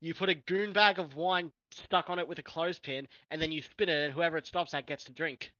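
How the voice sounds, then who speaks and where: A man's voice: a little high, steady tone, fairly quick, sharp tone, dry recording. A young Australian man chatting casually and joking on a stream. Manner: joking, laughs often. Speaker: co-host. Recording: dry, dull lo-fi mic.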